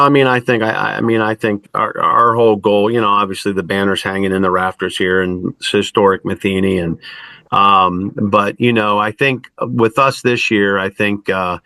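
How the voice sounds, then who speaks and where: Halting, bright-voiced basketball coach, a man. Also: fairly low pitch, fairly even intonation, vocal fry, no echo. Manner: halting, many restarts and fillers like "I mean". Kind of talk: post-game style interview answers.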